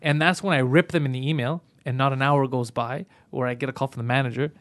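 Fast-talking animated man in casual chat. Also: medium pitch, dry recording. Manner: animated, profane storytelling with acted-out quotes. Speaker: storyteller in group chat.

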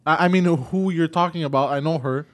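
A man in a casual group conversation who speaks in a low-key way, often going quiet and trailing off. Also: brisk. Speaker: participant in group chat. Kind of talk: casual chat.

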